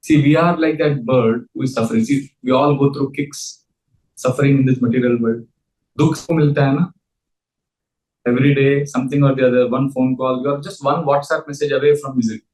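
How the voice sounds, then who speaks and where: A man's voice: medium pitch, fairly even intonation, fast, darkish tone, reverberant, low-quality recording. A man giving an earnest scripture lecture and leading the audience in call-and-response chanting. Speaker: spiritual teacher.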